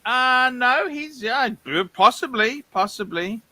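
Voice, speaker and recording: A man's voice: very high voice, lively intonation, takes it slowly, pushed and bright, no echo. A man hosting a live stream in a laid-back way, reading out viewer messages. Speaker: host.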